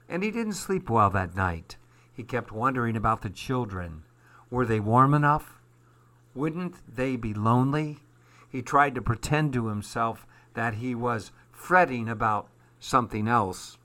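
Slow, bright-voiced male storyteller. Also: medium pitch, animated. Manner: slow, measured reading. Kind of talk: storybook narration.

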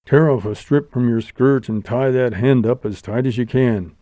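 Man playing a deep-voiced old-West bandit, gruff and commanding, storybook reading. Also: normal speed, mellow, no echo, close to an everyday voice. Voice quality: deep heavy voice. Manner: curt commanding orders. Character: gruff masked male bandit, cool and menacing.

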